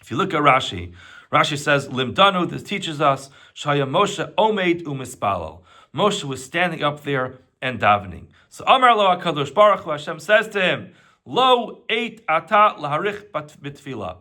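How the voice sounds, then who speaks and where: Rabbi teaching a weekly Torah class, bright and fairly high voice, poses questions and answers them. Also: male voice, normal speed. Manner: animated teacher, asks and answers his own questions. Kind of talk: Torah lesson.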